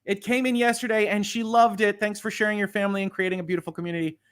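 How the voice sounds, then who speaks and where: A middle-aged man hosting a legal livestream, reading viewer comments aloud in a halting, earnest way that often repeats words. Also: high-pitched, fairly even intonation, a bit bright, clean tone. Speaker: legal channel host.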